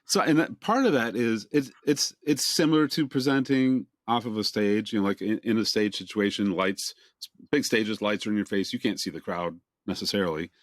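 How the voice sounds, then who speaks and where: A relaxed male host interviews a guest over a video call, asking long, meandering questions and chuckling often. His voice sits low for a man. The sound is dry and close, with no room echo. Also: moderate pace. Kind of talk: casual interview chat. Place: home office near Boston.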